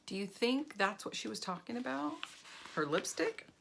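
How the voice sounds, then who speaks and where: An older woman reading a story aloud to children, gently pausing to ask them questions. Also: on the high side, animated, vocal fry, noisy background. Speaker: storybook reader.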